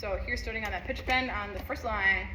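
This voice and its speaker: A woman's voice: mid-range voice, brisk. A woman teaching a music lesson, counting rhythms aloud and singing passages in an upbeat, encouraging way. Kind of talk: instrument lesson walkthrough. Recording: echoey room, faint ambience.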